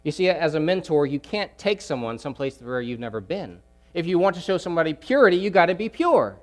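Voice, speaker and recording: A man preaching a sermon, emphatic, repeating key phrases and swinging between loud pushes and hushed asides. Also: fairly high pitch, sing-song, quick pace.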